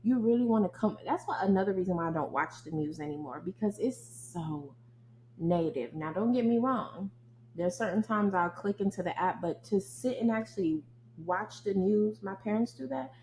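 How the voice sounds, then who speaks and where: Young woman w/ going off on a podcast rant, mellow low-key tone, bit of faint hiss. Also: normal speed, poor audio. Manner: blunt, profane, animated venting, addresses listeners as y'all. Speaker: podcast host. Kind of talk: casual ranting monologue.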